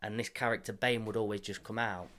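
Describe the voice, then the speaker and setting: A man's voice: lowish voice, fairly even intonation, fast, fairly bright tone. A man hosting a podcast in casual, earnest conversation, often laughing and openly emotional. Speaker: podcast host.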